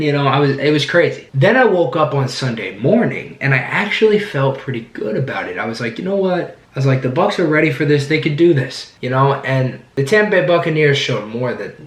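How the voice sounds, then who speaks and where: A man with a hoarse voice, hosting his own channel and rambling excitedly about his team. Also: mid-range voice, echoey room. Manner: rambling, excited, restarts sentences often. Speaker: sports fan channel host. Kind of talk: casual sports vlog commentary. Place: indoor room, sitting down.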